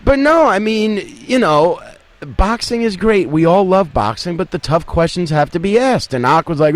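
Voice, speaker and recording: A male radio producer with a higher, lively voice that moves up and down a lot. He chimes in casually, sounding hesitant and self-conscious. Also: normal speed. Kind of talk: casual chat.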